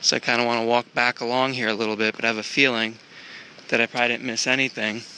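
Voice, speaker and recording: A man's voice: medium pitch, little pitch movement, fast talker, pushed and bright, a little hiss or hum. A man vlogging casually, thinking aloud as he walks through an outdoor park with a handheld camera. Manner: rambling, thinking aloud while walking. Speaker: travel vlogger. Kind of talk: casual walking vlog.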